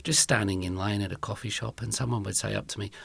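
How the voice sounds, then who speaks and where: A man's voice: fairly low pitch, fairly even intonation, quick pace, vocal fry, a bit bright, breathy edge, dry recording. A man from the United Kingdom hosting a conversational interview, musing thoughtfully as he talks. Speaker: podcast host.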